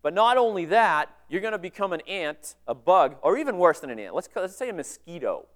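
A man's voice: sits high, big pitch swings, fairly quick. A male pastor preaching a sermon in a conversational way, with many rhetorical questions. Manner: conversational, asks rhetorical questions with frequent "right?".

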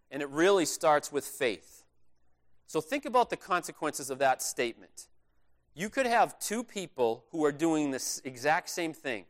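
A man's voice: medium pitch, clear, resonant tone. A male pastor preaching a sermon in a conversational, earnest way, stressing his key points.

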